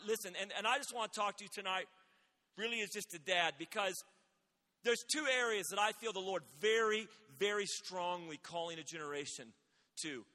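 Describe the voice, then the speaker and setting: A man in his forties preaching a sermon, telling stories with energy and rising to shouts at his high points. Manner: animated storytelling, rising to shouts. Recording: hall with long reverb.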